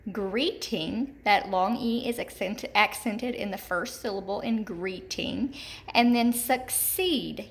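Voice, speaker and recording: A woman teaching a third grade word study lesson, enunciating slowly and repeating example words for young children. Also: a little high. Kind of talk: recorded remote lesson.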